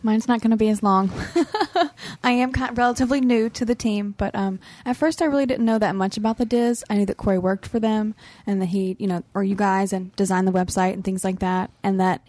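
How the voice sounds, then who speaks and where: A woman's voice: medium pitch, steady tone, fairly quick, darkish tone, dry recording. A woman on a podcast team telling a story in a casual chat, laughing often and acting out the lines she quotes.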